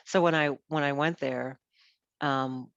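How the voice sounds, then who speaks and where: A woman's voice: low voice, fairly even intonation, unhurried, dry recording, muffled recording. A woman host in a casual chat, rambling with lots of "you know" and restarts. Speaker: podcast host.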